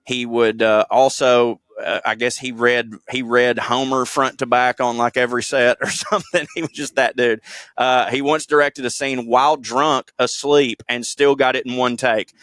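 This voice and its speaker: A man of middle pitch holds forth on a podcast, rambling through a story with casual swearing and self-deprecating asides. His voice is recorded close and dry, with no room echo at all. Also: fairly even intonation, moderate pace, a bit bright. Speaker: podcast co-host presenting history segment.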